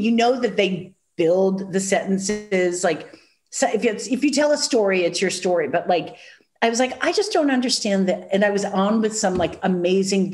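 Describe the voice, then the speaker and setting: A woman with a nasal Chicago accent, a guest in a casual chat, telling stories with lively acted-out quotes. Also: medium pitch. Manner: animated storyteller, acts out quoted voices.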